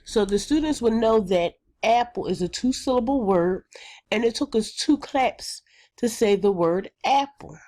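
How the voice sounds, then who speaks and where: A woman's voice: lively intonation, measured pace. A woman teacher explaining a classroom phonics routine step by step, with plain, methodical talk and frequent ums. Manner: jumps higher and brighter when acting out chants.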